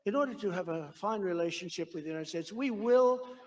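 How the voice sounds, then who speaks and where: A man's voice: sits high, lively intonation, a little fast. A man voicing a fawning French male president on a phone call, in a put-on French accent and an overly polite, flustered manner.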